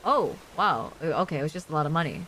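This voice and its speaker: A woman's voice: low-pitched, animated, fast talker, fairly bright tone, a little hiss or hum. An American woman streaming a game, chatting and giggling with her viewers in casual commentary. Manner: chatty, giggly, talks to chat.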